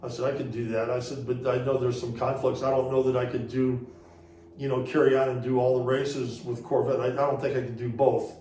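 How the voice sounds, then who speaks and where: A man's voice: medium pitch, flat delivery, a little fast, mellow, reverberant, distant mic, slight background noise, rough recording. A man, a guest on an interview show, telling a story casually and rambling, with lots of repeated "he goes" as he retells conversations. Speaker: interview guest, former racing series director.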